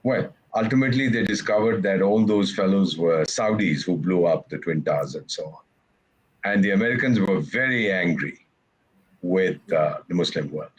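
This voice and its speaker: An older man from India, a retired ambassador, giving blunt, wry interview answers with lively mock quotes. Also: sits low, moderate pace, husky, poor audio.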